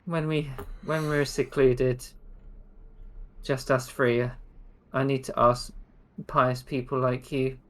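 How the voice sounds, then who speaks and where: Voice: medium pitch, little pitch movement, slow pace, lightly acted. A game master voicing a young woman adventurer, defiant and wary, in a tabletop role-play. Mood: uneasy. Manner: defensive, clipped.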